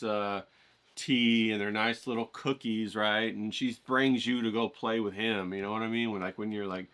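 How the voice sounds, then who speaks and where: An energetic man rambles through a motivational pep talk on his art vlog, swearing freely and padding his lines with "you know". His voice is bright and forceful, with a mid-range pitch. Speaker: art vlogger. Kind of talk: casual profane pep-talk monologue.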